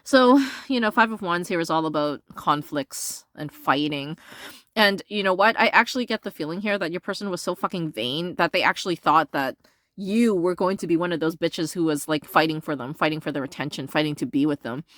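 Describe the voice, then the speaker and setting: A sassy woman reads tarot in a loose, chatty monologue. She talks bluntly, swears often and leans on fillers. Her voice leaps higher when she's indignant, and the recording is dry and close. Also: a little fast, dry recording. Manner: animated jumps into a higher pitch when indignant. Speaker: tarot reader. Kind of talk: casual tarot reading monologue.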